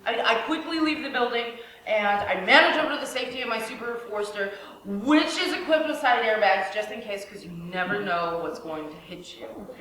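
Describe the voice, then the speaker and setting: A woman's voice: fairly high pitch, brisk, hardly any pauses, fairly bright tone. A woman telling a personal story in a wry, sarcastic way. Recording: echoey room, faint hiss.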